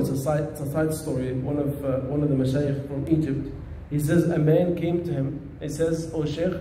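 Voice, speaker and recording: A man's voice: high voice, warm tone, echoey room, a little hiss or hum. A man teaching a religious lesson in a conversational, storytelling manner. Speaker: Islamic teacher.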